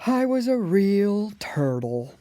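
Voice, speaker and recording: A woman voicing a sorrowful male sea creature in an audiobook, with a hollow tone and a slow, mournful, sobbing delivery. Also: fairly low pitch, big pitch swings, mellow, dry recording, clean studio sound, pitched above the performer's own voice. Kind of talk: audiobook character reading.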